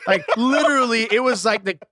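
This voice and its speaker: A man's voice: extremely high pitch, brisk, pushed and bright, clean studio sound. A man telling stories as a podcast guest in loose, slangy casual chat, laughing often. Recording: roomy echo.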